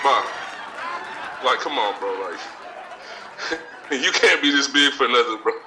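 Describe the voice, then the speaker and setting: A man's voice: medium pitch, animated, a little slow, far from the mic, a crowd in the background, background noise, lightly acted. A man playing a brash, profane talk-show persona who boasts, threatens and laughs between his lines. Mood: cocky. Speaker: podcast segment host in character.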